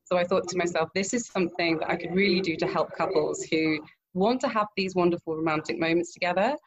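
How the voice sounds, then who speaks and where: A woman guest in an interview, telling a lively anecdote and acting out what people said, laughing often. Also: fairly low pitch, fast, husky, highs cut off. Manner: animated anecdote with acted-out quotes, laughs often. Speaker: guest, romance event planner. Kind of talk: storytelling in an interview.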